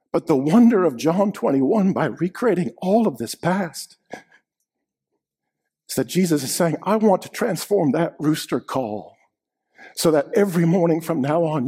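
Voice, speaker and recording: A man preaching a sermon, swinging between loud emphatic lines and hushed quiet ones, with dry humorous asides. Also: medium pitch, lively intonation, measured pace, husky.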